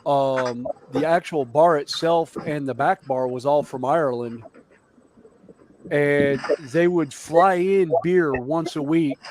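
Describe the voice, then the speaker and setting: A man chatting casually on a livestream, telling jokes and stories with many pauses and fillers. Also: on the high side, darkish tone, a little hiss or hum.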